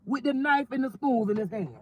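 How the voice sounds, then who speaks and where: A woman's voice: a little high, lively intonation, a little fast. A woman from Georgia, ranting bluntly and profanely about her son in a casual vlog recorded while driving. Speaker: mother vlogger.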